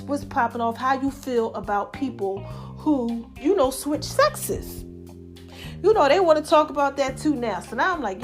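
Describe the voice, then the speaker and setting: High-voiced chatty woman podcast host. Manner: chatty, laughs often, calls listeners "baby" and "y'all". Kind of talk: casual solo podcast chat.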